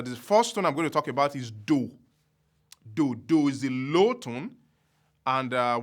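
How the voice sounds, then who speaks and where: A man with a Yoruba accent teaching a language lesson, speaking deliberately and repeating words for drills. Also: mid-range voice, fairly bright tone. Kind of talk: slow spoken language lesson.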